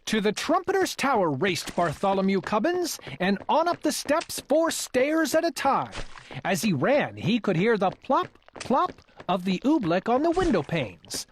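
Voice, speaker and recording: Lively woman reading a storybook. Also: medium pitch, unhurried, a little hiss or hum. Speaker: storybook reader. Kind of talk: reading a children's book aloud.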